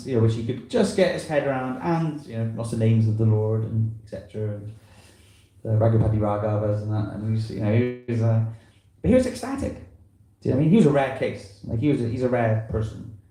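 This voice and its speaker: A man's voice: fairly low pitch, steady tone, fairly quick, mellow. A man giving an informal, rambling talk to a temple congregation, full of "you know" and loose asides. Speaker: visiting preacher. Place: temple hall. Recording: echoey temple hall.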